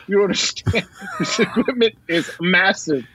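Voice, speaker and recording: A man's voice: sits high, a little slow, pushed and bright. Flustered stammering man in improv. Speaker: improv comedy participant. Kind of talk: improvised comedy sketch.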